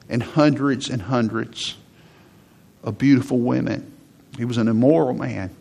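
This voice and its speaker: Speaking with medium pitch and vocal fry, a man preaches to a congregation in a conversational style. He often performs the words of others as part of his sermon.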